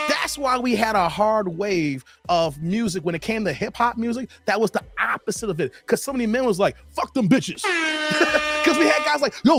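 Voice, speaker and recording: A man in his forties hosting a casual livestream, chatting with viewers, laughing often and breaking into bits of song. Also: sits high. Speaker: host reading live chat.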